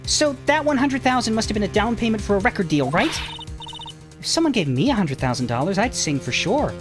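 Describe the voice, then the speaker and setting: A woman's voice: mid-range voice, big pitch swings, fairly quick, music in the background, lightly acted. A woman playing a bubbly young policewoman. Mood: upbeat.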